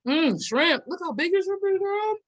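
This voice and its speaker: A woman's voice: extremely high pitch, normal speed, low-quality recording. A woman in her thirties co-hosting a podcast, chatting casually and laughing often while she eats. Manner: animated, laughs often, eating while talking. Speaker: podcast co-host. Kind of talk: casual chat over a meal.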